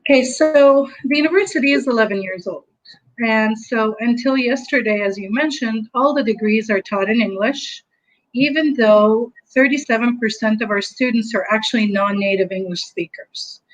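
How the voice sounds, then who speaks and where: A woman speaking as a managing director answering interview questions in a measured, businesslike way over a video call. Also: on the high side, muffled recording.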